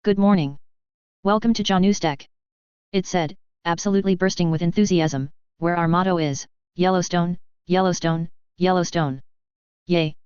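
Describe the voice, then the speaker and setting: A woman's voice: fairly low pitch, fairly even intonation, moderate pace, darkish tone, clean tone, no room sound, highs cut off, lightly acted. Lisping eager little snake alien, read by a woman. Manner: warbling, bursting with enthusiasm.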